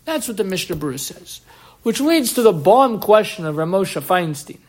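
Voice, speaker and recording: Animated man teaching Jewish law. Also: high-pitched. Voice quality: slurs his L sounds. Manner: animated, quick, asks and answers his own questions. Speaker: Torah teacher. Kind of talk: explaining Jewish law in a class.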